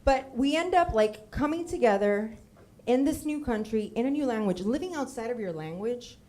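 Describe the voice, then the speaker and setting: A woman's voice: on the high side, expressive, normal speed, a little mellow. A woman in her thirties from Miami, telling a comic personal story on a theater stage and acting out the voices of the people she quotes.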